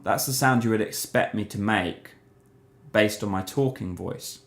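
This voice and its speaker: A man's voice: mid-range voice, moderate pace. A man giving a casual voice lesson, explaining resonance and singing short syllables to demonstrate. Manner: demonstrates vocal sounds on syllables like "ma" and "mum"; relaxed, conversational explaining. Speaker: singing teacher. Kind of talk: voice lesson to camera.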